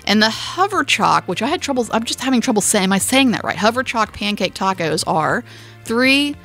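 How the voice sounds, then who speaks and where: A woman co-hosting a podcast, chatting casually, laughing often and acting out quotes in a high squeal. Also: big pitch swings, brisk, a bit bright, faint music behind. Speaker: podcast co-host. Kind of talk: casual chat.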